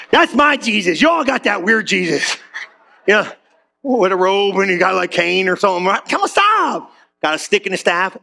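A male pastor delivers a sermon with a bright, high, lively voice and some gravel in it. He jokes in slang and acts out the lines he quotes. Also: moderate pace.

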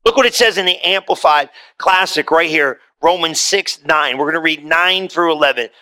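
A man preaching a sermon as pastor, swinging from forceful lines to hushed ones and repeating words as he builds. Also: fairly high pitch, normal speed.

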